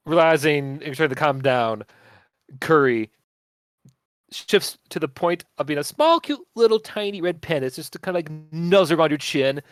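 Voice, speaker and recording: A man's voice: fairly high pitch, expressive, a little slow, long pauses, smooth, no echo. A man running a tabletop game as game master, narrating and laughing often.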